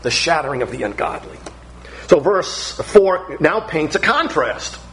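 A man's voice: fairly high pitch, very animated, measured pace, fairly bright tone, low-quality recording. A middle-aged man preaching a sermon, emphatic and building through repeated phrases.

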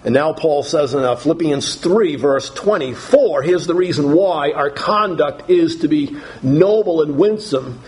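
A man with a fairly high voice preaches verse by verse. He reads scripture slowly, and his pitch climbs on the quoted lines. Then he explains each verse in plain words. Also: animated, darkish tone, low-quality recording. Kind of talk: expository Bible teaching.

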